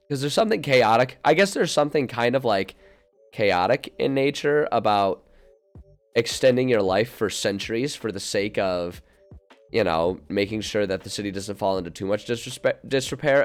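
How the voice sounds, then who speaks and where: A young man streaming, thinking aloud in a casual, rambling way with frequent laughs and filler words into a desk mic. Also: fairly low pitch. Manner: animated and rambling, laughs often, many fillers. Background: faint music.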